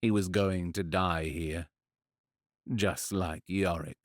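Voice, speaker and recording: In a dry, close-miked studio recording, a man with a low-sitting voice narrates a fantasy audiobook. His storytelling is measured and expressive.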